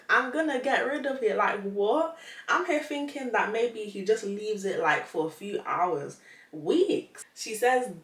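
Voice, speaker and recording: A young woman reads online posts aloud and chats casually, laughing often and reacting with disbelief. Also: on the high side. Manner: laughs often, animated and incredulous. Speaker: vlogger. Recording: echoey room, mic at a distance.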